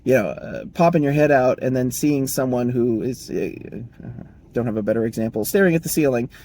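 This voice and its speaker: A man's voice: mid-range voice, brisk, mellow, poor audio. A man talking casually on his own show, rambling and correcting himself as he goes. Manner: rambling, self-correcting, chuckling, mock dialogues in raised voice. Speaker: podcast host. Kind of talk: casual solo talk.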